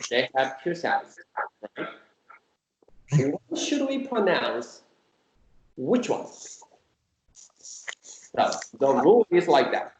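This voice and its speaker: Man, Korean teacher, slow and patient, lively pitch, echoey room on a video call. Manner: slow, patient explaining with repeated example sounds. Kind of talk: online language lesson. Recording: echoey room with faint noise.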